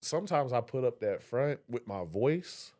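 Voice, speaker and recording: A young man co-hosting a podcast, telling stories in a casual, animated way and acting out voices. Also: medium pitch, normal speed. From Southern West Virginia. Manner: animated storyteller, acts out voices. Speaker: podcast co-host. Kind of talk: casual conversation.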